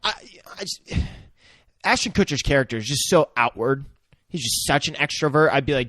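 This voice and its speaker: A man co-hosting a podcast in casual chat, laid-back and hesitant, swearing and filling pauses. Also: mid-range voice, lively intonation, a bit bright, no room sound, clean studio sound. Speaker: podcast co-host. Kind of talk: casual movie recap chat. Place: podcast studio.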